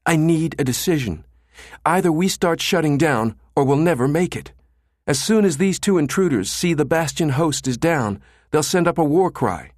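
A man voicing a frantic male systems chief who shouts and insists. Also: fairly high pitch, animated, normal speed, dry recording, studio quality, pitched above the performer's own voice. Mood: urgent.

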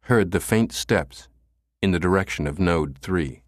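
Low-voiced male thriller narrator. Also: no room sound, studio quality. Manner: dramatic, measured storytelling. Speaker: audiobook narrator.

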